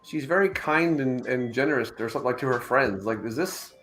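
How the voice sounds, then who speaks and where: A man's voice: mid-range voice, fairly quick, a bit bright. A man co-hosting an art stream, chatting with stumbling restarts and a dry, wordy humor. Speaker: co-host of a 3D art live stream. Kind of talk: casual chat while sculpting.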